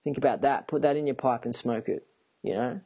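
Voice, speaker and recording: A man talking to camera in a rambling personal monologue, excitable and often repeating himself. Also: medium pitch, brisk, slightly rough. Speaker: vlogger.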